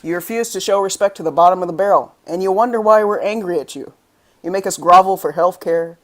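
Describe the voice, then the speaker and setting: A spoken word poet from the United States, reading verse in a rhythmic, impassioned voice. The delivery keeps rising into angry emphasis at mid pitch. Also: fast. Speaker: guest poet.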